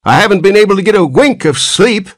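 Cranky newborn old-timer, cracked and whiny, pitched way up. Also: male voice, expressive, quick pace, a bit bright, dry recording, studio quality. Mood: shrill whining. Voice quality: cracked, ancient voice. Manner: querulous whine, rising to shrill protest. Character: cranky ancient old man born as baby.

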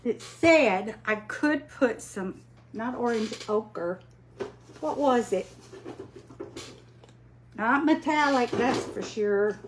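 An older woman, chatting slowly on a craft livestream, greeting viewers by name while she paints. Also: on the high side, lively intonation, a little hiss or hum. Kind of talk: casual live-stream chat while painting.

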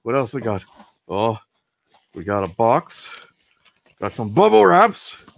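A man playing Venom, a boastful alien symbiote, in a goofy, excitable in-character comic unboxing. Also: medium pitch, slow, creaky, exaggerated voice. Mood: excited playful. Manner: goofy, excitable, answers himself with "yes".

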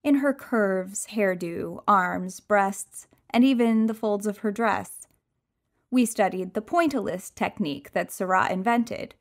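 A woman reading a first-person audiobook, expressive and moving between hushed and excited passages. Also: mid-range voice, unhurried. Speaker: audiobook reader.

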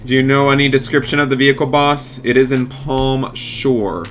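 Bright-voiced man narrating role-play gameplay. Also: medium pitch, level tone, moderate pace, a little hiss or hum. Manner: eager, narrates each move and chats to in-game characters. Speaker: gaming channel host.

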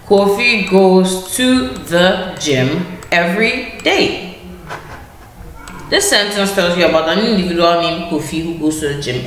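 A woman's voice: on the low side, fairly bright tone. A woman teaching an online grammar lesson over a screen share, patient, repeating key phrases and correcting herself as she goes. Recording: echoey room with faint ambient noise.

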